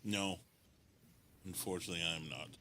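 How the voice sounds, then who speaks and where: A man playing in an online tabletop game, joking crudely and gruffly. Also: low voice, steady tone, a little fast, bright, forceful tone. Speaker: player. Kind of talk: casual chat at a game table.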